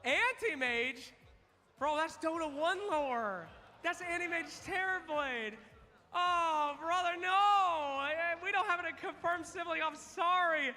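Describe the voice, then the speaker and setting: A man hosting a live trivia contest on stage at an esports event, energetic and teasing, calling out to the crowd. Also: very high-pitched, slow pace. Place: large event hall on stage. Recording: long reverb of a big hall.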